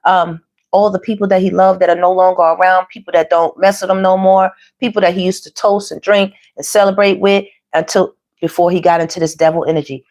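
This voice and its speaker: A woman's voice: fairly low pitch, fairly even intonation, fairly quick, hardly any pauses, darkish tone. A woman giving a casual tarot reading, chatty and slangy, talking to viewers as y'all and baby. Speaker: tarot reader.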